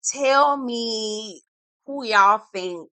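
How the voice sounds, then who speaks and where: Female vlogger, bright and punchy, dramatic gossip recapper with slangy asides, dry close sound. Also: on the high side, extremely slow, dry recording. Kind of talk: casual gossipy episode recap.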